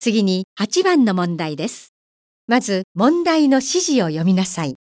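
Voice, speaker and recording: A woman giving formal test instructions in a brisk announcing manner. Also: mid-range voice, sing-song, darkish tone, dry recording, studio quality. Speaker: exam announcer.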